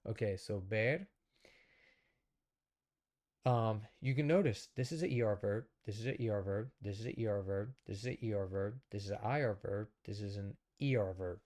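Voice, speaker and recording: Low, mellow-voiced man teaching casually. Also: moderate pace. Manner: thinks aloud, corrects himself, checks in with okay. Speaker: language teacher. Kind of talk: casual whiteboard lesson.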